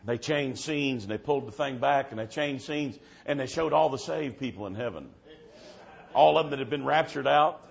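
A man preaching a storytelling sermon, swinging from hushed tones to shouting. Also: medium pitch, normal speed, creaky, muffled recording.

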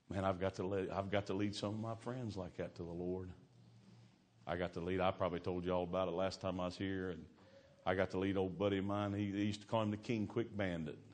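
A man's voice: fairly low pitch, a little mellow. A middle-aged man preaching an evangelistic sermon, folksy and exclamatory, telling stories and acting out the voices in them.

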